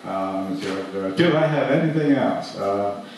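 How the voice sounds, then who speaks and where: A man doing an open-mic stand-up set in a comedy club, halting often with uhs and restarts. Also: fairly low pitch, expressive, darkish tone, distant mic, a little hiss or hum. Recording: echoey club miked from afar.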